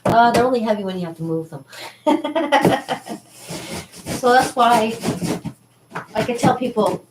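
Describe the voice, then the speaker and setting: A woman's voice: on the high side, a little fast, very noisy. A woman painter chatting casually in her studio, rambling and laughing as she shows her work. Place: art studio indoors. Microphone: camera mic, moving around the room. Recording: roomy studio, voice from a distance.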